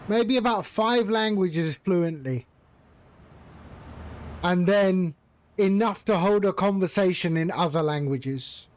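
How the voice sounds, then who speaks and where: A man's voice: high voice, slow pace, long pauses, a little hiss or hum. A man casually chatting with his live-stream viewers while flying a simulator, greeting them by name and joking around. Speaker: flight sim streamer.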